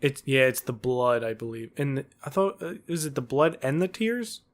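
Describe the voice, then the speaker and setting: A man's voice: mid-range voice, expressive, normal speed. A young man co-hosting a podcast, trading short, dry comebacks during a card game. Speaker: podcast co-host, player. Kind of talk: casual game chat.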